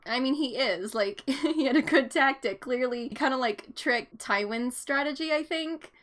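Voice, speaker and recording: A young woman in her twenties giving excitable, giggly reaction commentary on a show, laughing and getting emotional as she watches. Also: high-pitched, a little slow. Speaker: reaction vlogger.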